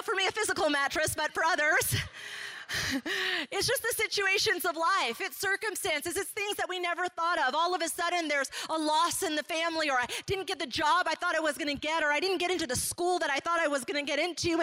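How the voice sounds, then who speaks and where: A middle-aged woman pastor giving a sermon, telling a personal story in an animated way and acting out what people said. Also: very high voice.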